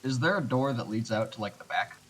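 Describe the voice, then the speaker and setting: A man playing his character in a tabletop game, calm and measured. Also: medium pitch, husky, poor audio. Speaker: player. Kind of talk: tabletop role-play.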